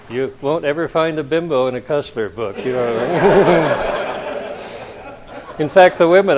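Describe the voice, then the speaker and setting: A man's voice: mid-range voice, a little hiss or hum. Chuckling man telling rambling anecdotes. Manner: rambling storyteller, chuckles between tales. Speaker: author addressing a convention. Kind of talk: anecdotal speech to an audience.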